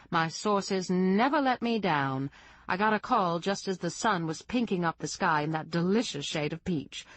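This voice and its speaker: A woman's voice: lowish voice, no room sound, natural voice. Woman narrator doing a drawling society gossip. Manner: drawling, affected, fond of "darling".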